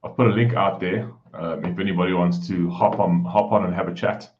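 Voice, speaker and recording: A man's voice: deep voice, steady tone, brisk, dull audio, slight background noise. A man from Africa, hosting a casual live stream from home, greeting viewers by name and keeping his voice down. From South Africa. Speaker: livestream host. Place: home room.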